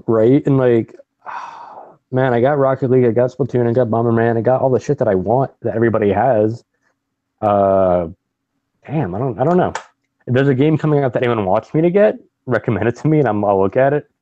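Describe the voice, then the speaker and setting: A man's voice: mid-range voice, fairly quick, no room sound. Swearing, rambling man on a dull dry mic. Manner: rambling, swears often, laughs a lot. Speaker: podcast co-host. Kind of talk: casual gaming podcast chat.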